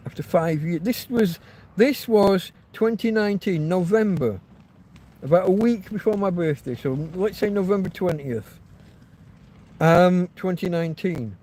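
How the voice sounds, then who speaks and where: High-pitched guy ranting on a livestream, swears a lot. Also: moderate pace, a little mellow. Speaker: livestream host. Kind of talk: rambling livestream chat.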